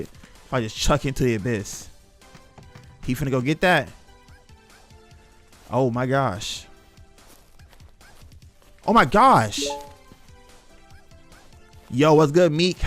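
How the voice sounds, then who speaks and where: A young man streaming a horror game, chatting nervously to his viewers in casual slang. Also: medium pitch. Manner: chatty, jittery, talks to chat in slang. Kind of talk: live horror game commentary.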